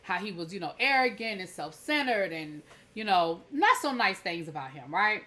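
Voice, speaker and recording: A woman's voice: medium pitch, big pitch swings, normal speed, pushed and bright. A woman hosting a TV review channel, recapping an episode in a chatty, rambling way with many fillers and restarts.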